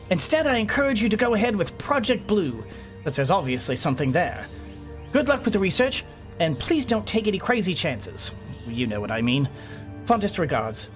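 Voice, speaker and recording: A woman reading a letter aloud in a put-on English accent, voicing a gentle, ailing woman scientist in a soft, earnest, measured way. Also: low-pitched.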